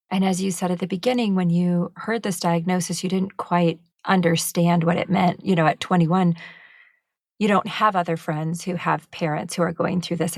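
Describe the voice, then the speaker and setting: A woman co-hosts a podcast interview and asks her questions gently and with empathy. Her voice is fairly low and gravelly, and the sound is dry and close. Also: no room sound. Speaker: podcast co-host.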